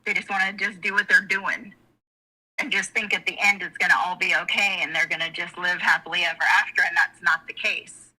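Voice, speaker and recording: Middle-aged woman, very bright tone; frank, emotional, rambling guest storyteller. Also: fairly low pitch, little pitch movement, brisk, rough recording. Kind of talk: candid personal storytelling in conversation.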